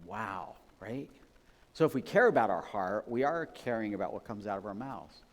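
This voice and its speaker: A man's voice: fairly low pitch, expressive, normal speed, long reverb tail. A man preaching a sermon as pastor, in a conversational, emphatic way that often checks in with "right?". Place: church sanctuary.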